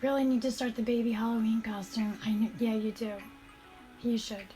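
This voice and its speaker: A woman streaming as she paints shoes, chatting casually and thanking viewers in a soft, often half-whispered voice. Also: fairly high pitch, fairly even intonation, normal speed, faint music behind. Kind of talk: casual live-stream chat while painting.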